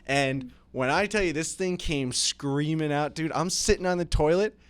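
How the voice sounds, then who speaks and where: A young man co-hosting a podcast, telling a story in an animated way, yelping and shouting as he goes. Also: fairly high pitch, normal speed, clear, resonant tone. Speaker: podcast co-host. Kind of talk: casual chat.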